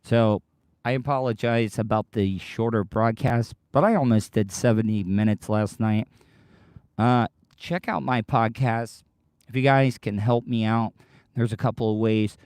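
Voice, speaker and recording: A man hosting a livestream podcast in a rambling, excitable chat, his voice strained and tired, swearing casually. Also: medium pitch, dry recording, studio quality. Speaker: podcast host.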